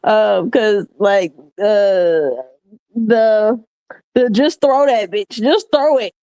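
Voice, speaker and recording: A woman's voice: mid-range voice, extremely slow, dark tone, dry recording. A woman co-hosting a basketball podcast, thinking aloud with many restarts and giving coaching-style advice. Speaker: sports podcast co-host. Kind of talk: casual basketball chat.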